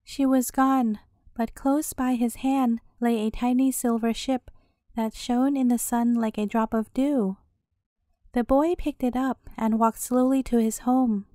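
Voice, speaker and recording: Gentle woman reading a bedtime story. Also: a little high, steady tone, measured pace, dry recording, studio quality.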